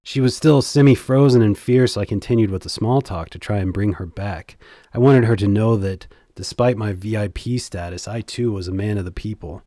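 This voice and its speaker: Deadpan man narrating a comic tale. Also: fairly low pitch, moderate pace, dry recording, clean studio sound. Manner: deadpan, sardonic boasting. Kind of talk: scripted comedic first-person narration.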